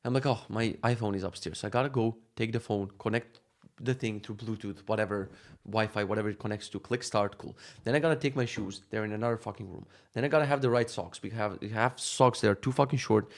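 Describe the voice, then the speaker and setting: A man's voice: fairly low pitch, fast, vocal fry. A man from Macedonia telling stories in a casual vlog monologue, joking and swearing freely. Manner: profane, joking, animated storytelling. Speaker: vlogger.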